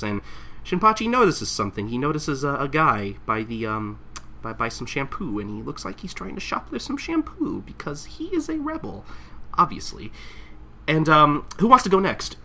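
A man's voice: medium pitch, big pitch swings, normal speed, sharp tone. A man hosting a podcast, recapping a manga in casual chat and acting out characters in exaggerated voices. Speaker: podcast host.

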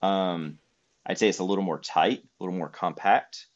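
A man's voice: low voice, normal speed, dull audio. A man telling a trip story in casual conversation, rambling with many fillers. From United States.

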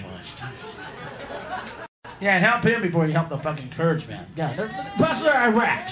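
On a club stage, a man with a high, very animated voice rants profanely through a stand-up set at normal speed, breaking into sudden screams. The live recording is echoey and noisy, with a loud crowd laughing and applauding.

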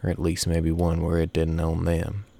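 A man narrating a first-person story in a folksy, unhurried way. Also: low-pitched, completely flat delivery, creaky, dark tone.

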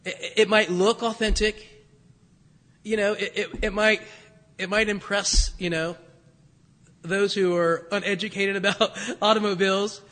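A male priest giving a homily in a relaxed, conversational storytelling way, often restarting his sentences. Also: sits high, a little slow, pauses often, in a large hall.

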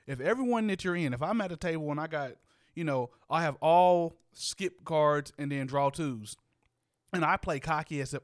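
A man's voice: fairly high pitch, animated, moderate pace, dry recording, clean studio sound. A man co-hosting a casual chat, playful and slangy, laughing often. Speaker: podcast co-host.

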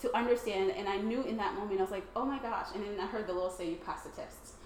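A woman sharing a personal faith testimony with a small group in a casual, excitable way, often laughing and acting out her own thoughts. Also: medium pitch, fast. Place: room with other people, casual group. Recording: roomy, faint background noise.

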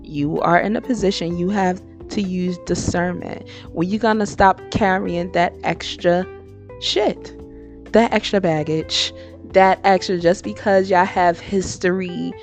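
A woman hosts her own podcast with a lowish voice full of gravelly fry. She gives frank, slangy advice in a loose, conversational monologue. Faint music plays underneath. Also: a little slow. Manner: frank, slangy and animated, switching into impressions. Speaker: podcast host. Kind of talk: casual motivational monologue.

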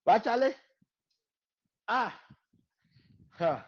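In a high, animated voice with a breathy edge, a man preaches, drawing out his words. He switches between English and Twi and hammers lines through repetition with rising emphasis. There's no echo, but the recording is dull and lo-fi.

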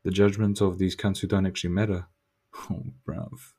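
A man's voice: low-pitched, little pitch movement, fast talker, warm tone. A young man giving a blunt, confrontational motivational talk in a casual, profane monologue. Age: young adult.

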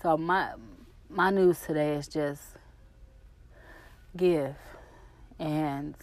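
A woman with a notably low voice talks straight to her camera in a loose, personal vlog. She rambles, gets emotional and swears freely, and sounds like a young adult. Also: steady tone, drawn-out words, darkish tone. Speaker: vlogger. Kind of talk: casual personal vlog talk.

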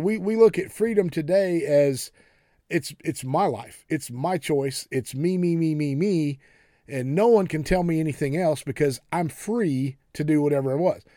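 A man from the United States preaches in a folksy, easygoing way, stumbling into restarts and repeating words as he talks. He slows right down to lean on key phrases. His voice is warm, sits a little high for a man, and is recorded dry and close. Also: no room sound. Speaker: pastor. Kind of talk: sermon.

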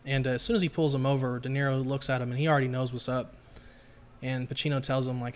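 Male podcast host, casual and excitable, swears freely. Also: mid-range voice, very fast. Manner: excitable, swears a lot, lots of fillers. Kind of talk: casual chat.

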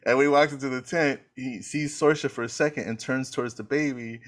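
A man's voice: medium pitch, steady tone, fairly quick. A man co-hosting a casual podcast, rambling through a film retelling with frequent laughs. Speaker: podcast co-host. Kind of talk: casual rewatch chat.

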